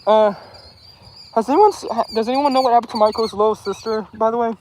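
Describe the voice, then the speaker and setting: A man's voice: high-pitched, fairly even intonation, quick pace, darkish tone, a little hiss or hum, rough recording. A man streaming casually and answering his chat in character, rambling and defensive with lots of stumbling restarts.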